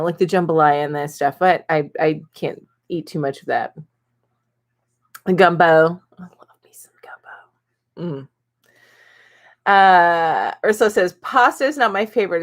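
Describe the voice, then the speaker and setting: A middle-aged woman hosting a casual live-stream chat, reading viewer comments aloud and chatting about them with lots of ums and little laughs. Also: on the low side.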